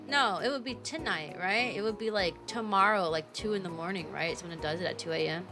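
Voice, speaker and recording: A woman's voice: mid-range voice, brisk, hardly any pauses, pushed and bright, faint music behind. A young woman, chatting casually on a stream in a bubbly, rambling, playful way.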